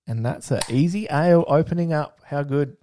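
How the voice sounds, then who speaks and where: A man's voice: fairly high pitch, moderate pace, dark tone, a little hiss or hum. A man co-hosting a podcast in laid-back casual chat, swearing and laughing easily. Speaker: podcast co-host.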